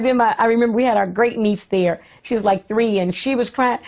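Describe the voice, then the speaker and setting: A woman telling a family anecdote in an interview, animated and laughing as she goes. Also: a little high, brisk.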